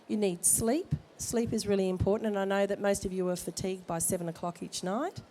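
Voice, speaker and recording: Speaking a little fast in a mellow, mid-range voice with a steady tone, a woman who has a cold addresses expectant parents. She's the midwife speaker at a baby expo, and her informal talk in the expo hall mixes jokes with direct advice over slight background noise.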